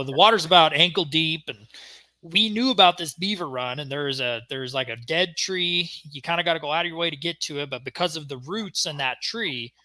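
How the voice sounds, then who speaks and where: A young man co-hosting a podcast, telling a story in casual chat and acting out the shouted quotes. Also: medium pitch, no echo. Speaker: podcast co-host.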